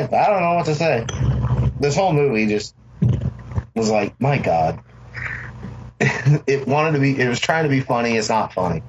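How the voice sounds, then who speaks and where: A man's voice: mid-range voice, animated, unhurried, long pauses. A man casually mocking a movie on a podcast, rambling and swearing often. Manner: sarcastic, rambling, swears often, laughs a lot. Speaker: podcast co-host. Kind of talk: casual profane movie-review chat. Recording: slightly dull lo-fi sound with faint noise.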